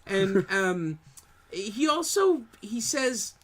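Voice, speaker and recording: Podcast co-host, male, dry wit, pitch swings widely. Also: drawn-out words. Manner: dry, wry humor with animated pitch. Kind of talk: casual chat.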